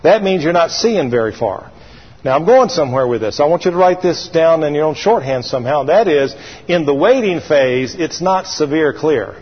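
A man's voice: fairly high pitch, lively intonation, moderate pace, breathy edge. A man preaching a sermon, telling a story in a folksy way and calling out for his congregation to answer him. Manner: call-and-response with congregation. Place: church sanctuary. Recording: dull recording with long hall reverb.

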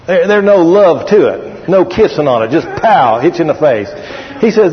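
Folksy preacher in a hall. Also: male voice, fairly high pitch, animated, measured pace. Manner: folksy, repeats phrases, calls on the congregation. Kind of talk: sermon storytelling. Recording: dull echoey hall recording.

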